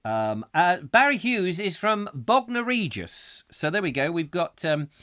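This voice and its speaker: Lively, jokey man hosting. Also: high voice, measured pace. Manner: rambling, jokey, reads viewer comments aloud in funny voices. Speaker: host. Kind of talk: comic live call-in chat show.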